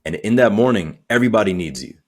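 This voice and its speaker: A man speaking as a coach in a podcast interview, energetic and conversational, acting out little quotes as he talks. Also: on the low side, quick pace. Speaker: guest, transformational coach.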